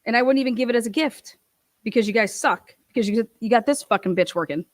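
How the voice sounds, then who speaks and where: Heated young woman, storytime rant, lots of swearing, dry high voice. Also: fast, dry recording. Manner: profane, heated ranting with laughs. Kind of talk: ranting storytime.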